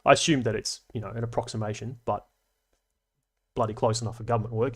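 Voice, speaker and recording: A man's voice: medium pitch, steady tone, quick pace. A man with an Australian accent hosting a casual livestream, reading viewer comments aloud and answering them in a chatty, analytical way with dry asides and slang. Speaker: livestream host.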